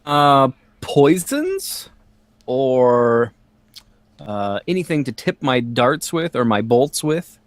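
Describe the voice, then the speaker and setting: A man's voice: medium pitch, sing-song, takes it slowly, dry recording. A man playing his character in a tabletop game, casual and playful. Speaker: player.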